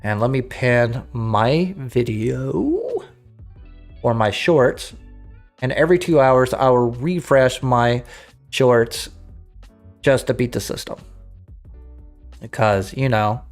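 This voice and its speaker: A man hosting a casual gaming livestream, talking off the cuff with frequent restarts and throat-clearing. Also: medium pitch, expressive, slow, long pauses, soft background music. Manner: rambling, self-interrupting, clears throat. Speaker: livestream host.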